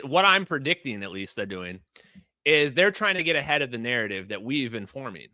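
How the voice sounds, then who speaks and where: Fired-up livestream host, man, bright edgy tone, swinging pitch, heated rhetorical rant. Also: no room sound. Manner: heated, emphatic ranting with rhetorical questions. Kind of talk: livestream commentary.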